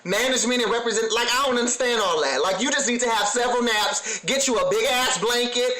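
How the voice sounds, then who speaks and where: A man giving a sassy, animated, slang-heavy casual review of a TV episode. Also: very high voice, fast talker. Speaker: TV recap vlogger. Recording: echoey room.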